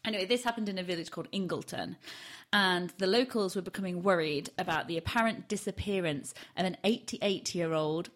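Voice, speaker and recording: A woman's voice: on the low side, a little fast, few pauses, fairly bright tone. A woman from Yorkshire, England, co-hosting a casual true-crime podcast. She talks in a chatty, self-deprecating way and laughs often. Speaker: podcast co-host.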